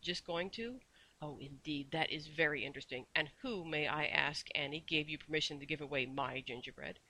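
A man voicing a tiny, ancient woman shopkeeper with a shrill, high little voice who swings between fierce softness and sweet coaxing, in a storybook reading. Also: expressive, brisk, heavily acted. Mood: menacing.

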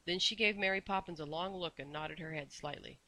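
A man narrating a children's storybook with measured, expressive storytelling. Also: fairly high pitch, poor audio. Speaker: audiobook narrator. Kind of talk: storybook reading.

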